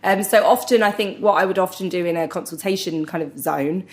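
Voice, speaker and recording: A woman's voice: lowish voice, a little fast. A woman, a hair colourist guest in an interview, talking casually with many fillers and easy laughter.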